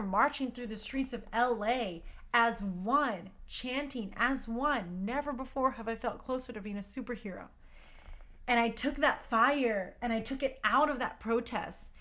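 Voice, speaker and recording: A woman's voice: a little high, moderate pace, a bit bright. A young woman hosting a talk show, speaking in a passionate, emphatic casual monologue. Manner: impassioned, emphatic.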